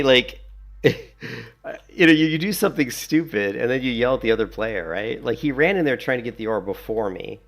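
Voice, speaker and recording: A man's voice: mid-range voice, lively intonation, normal speed, soft background music. A man giving casual, sarcastic gameplay commentary while he plays. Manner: chatty, sarcastic, mocking. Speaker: gaming video creator.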